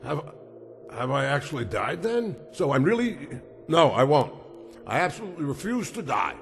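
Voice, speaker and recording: A dying man burning with fever, his slow, heavily gravelly voice swinging widely between weak pleas and bitter outbursts. Pitched a little high for a man. Soft music plays behind him. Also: very animated, big-room sound, full character voice. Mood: bewildered. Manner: pleading, then bitter and defiant. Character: feverish dying man, demanding, terrified of death. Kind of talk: dubbed drama dialogue.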